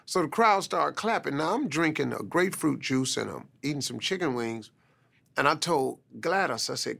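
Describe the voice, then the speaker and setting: A comedian recounts his life in lively, conversational storytelling. His voice is gravelly and forceful, with a sharp, bright edge that cuts through. He slips easily into casual, colloquial phrasing. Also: medium pitch, a little fast. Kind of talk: motivational personal storytelling.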